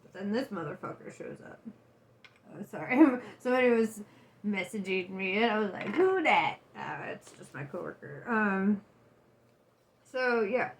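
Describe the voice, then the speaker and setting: A woman's voice: medium pitch, lively intonation, normal speed, vocal fry, a little hiss or hum. A woman giving a casual tarot reading, candid and loose, swearing and laughing often. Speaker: tarot reader.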